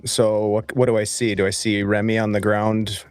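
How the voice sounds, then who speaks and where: A man's voice: on the low side, level tone, moderate pace, clean tone, no room sound, faint music behind. Swearing man playing a tabletop game. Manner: swears and shouts in-character lines. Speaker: player.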